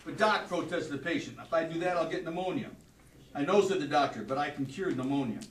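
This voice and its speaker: A man's voice: fairly high pitch, a little fast, fairly bright tone. A man teaching a class, reading doctor jokes aloud in a dry, matter-of-fact delivery. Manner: dry joke delivery, flares up scolding students. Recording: echoey classroom from far off.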